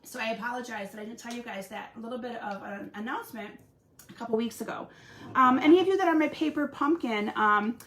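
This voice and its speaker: Chatty woman with a slightly hoarse voice. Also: a little high, brisk, a bit bright, slight background noise. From Michigan, US. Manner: chatty, greets viewers by name, many fillers. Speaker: craft demonstrator hosting a weekly live stream. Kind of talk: casual live-stream chat with viewers.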